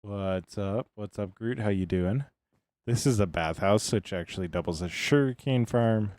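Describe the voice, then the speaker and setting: A man's voice: fairly low pitch, moderate pace, a little mellow, no room sound. A man giving casual livestream commentary as a game streamer, rambling along and answering his chat between remarks.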